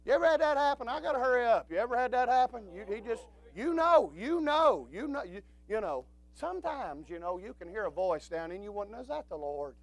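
A man preaching a sermon, swinging from quiet low talk to shouted, drawn-out preaching. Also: lively intonation.

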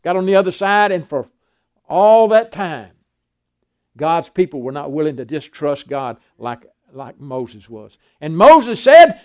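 A man's voice: on the high side, big pitch swings, measured pace. An older man, a pastor preaching a folksy sermon and acting out Bible dialogue.

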